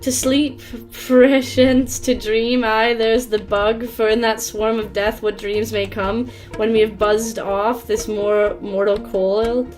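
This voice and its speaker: Woman playing a nervous bee stage actor in a pixel game, slow, theatrical declaiming. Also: fairly high pitch, flat delivery, darkish tone, faint music behind.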